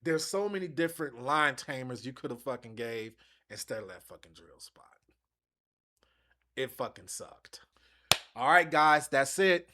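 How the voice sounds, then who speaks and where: A man's voice: a little high, bright, forceful tone. A man hosting his own wrestling show, ranting bluntly and casually with lots of swearing. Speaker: wrestling commentary host. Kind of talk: casual opinion vlog.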